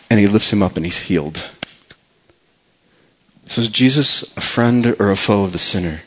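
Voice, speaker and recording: A man preaching a sermon as a pastor, earnest, repeating words for emphasis and dropping soft and low on key phrases. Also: moderate pace, long pauses, husky, muffled recording.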